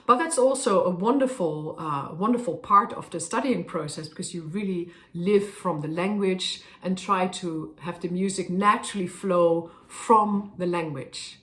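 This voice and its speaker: A woman's voice: fairly low pitch, measured pace, hardly any pauses, a bit bright. Thoughtful woman singer in a roomy space. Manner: thoughtful, explanatory, with frequent fillers. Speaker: opera singer. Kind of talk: explaining her craft to camera. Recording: roomy echo.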